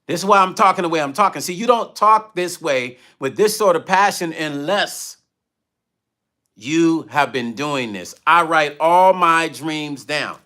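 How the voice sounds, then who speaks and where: A middle-aged man telling stories on a casual livestream, with a high, bright, forward voice. He talks with passion, circles back on his own phrases and stops now and then to thank viewers. His delivery is loose and personal. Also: animated, a little slow. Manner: passionate, repeats phrases, thanks donors mid-story. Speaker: music vlogger on a livestream.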